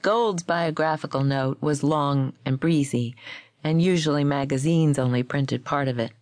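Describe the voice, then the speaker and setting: A woman narrating a short story from an audiobook in a measured, clear storytelling voice. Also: low voice, darkish tone, no echo, clean studio sound. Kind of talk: scripted narration.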